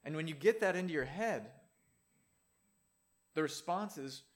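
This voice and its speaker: Conversational male preacher, slightly high voice. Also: expressive, measured pace. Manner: conversational, with playful asides and acted quotes. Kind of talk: sermon.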